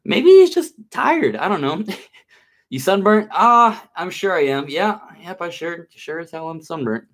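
His voice is a little high and a little slow, with a bright, forceful tone, as he chats live with his stream audience. Relaxed and full of slang, he keeps saying bro and dude, then grows nervous and coaxing once he's dealing with a big snake.

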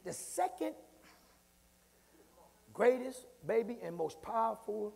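A man preaching an impassioned sermon, swinging from low murmurs to shouts, repeating phrases and calling out to the congregation. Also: sing-song, slow pace, gravelly, husky. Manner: call-and-response, repeats phrases. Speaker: pastor. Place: church sanctuary. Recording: reverberant church hall.

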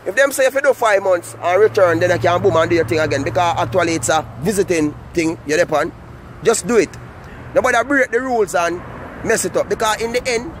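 A Jamaican man with a high, quick voice talks straight to his viewers in a loose, rambling patois monologue. Faint traffic noise hums behind him outdoors. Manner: rambling, fast patois talk with repeated "you know what I mean". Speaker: vlogger. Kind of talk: casual vlog monologue.

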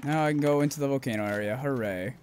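A man giving let's-play commentary while playing, swearing often and swinging from low grumbling to high yelps. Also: fast, slight background noise. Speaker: gameplay commentator. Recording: game music loud behind voice.

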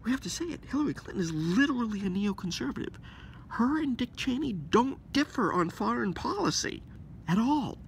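An agitated man rants outdoors, his voice going hoarse as he swings from loud, sarcastic outbursts down to mocking whispers. His pitch jumps all over the place. Faint noise from outside sits under the voice. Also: big pitch swings, brisk. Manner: agitated, sarcastic, rising to near-shouts and dropping to mock whispers. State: losing his voice. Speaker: political commentator. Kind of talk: ranting monologue to camera.

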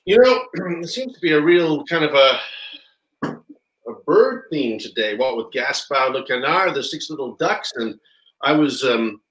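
A man hosts a children's music stream from home, chatty and a bit halting. His pitch moves around a lot, and the room gives his voice a noticeable echo. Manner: chatty, lively, slightly halting. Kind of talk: children's livestream hosting.

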